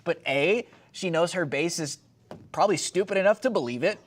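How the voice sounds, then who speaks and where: A young man hosts political commentary in a heated, emphatic way. His voice sits a little high and jumps to loud, sarcastic bursts as he presses his points. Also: brisk.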